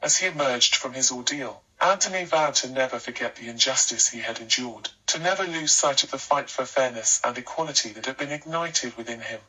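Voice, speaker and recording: A man narrating a scripted life story with a steady, even storytelling delivery. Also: mid-range voice, a little fast, few pauses, slightly rough, recorded from a distance, low-quality recording.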